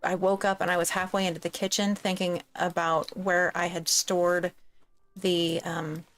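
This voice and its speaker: A woman's voice: lowish voice, level tone, a little slow, faint music behind. A woman chatting casually with friends over voice chat while gaming, dry and sarcastic.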